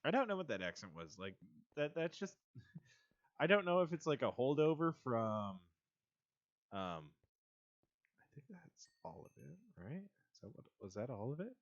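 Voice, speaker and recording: A man's voice: medium pitch, sing-song, a little slow, pauses often, no room sound. Guy streaming a game, rambly and amused, dry close sound, kinda muffled. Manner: rambling, self-amused, talks to in-game mobs. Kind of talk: casual gameplay commentary.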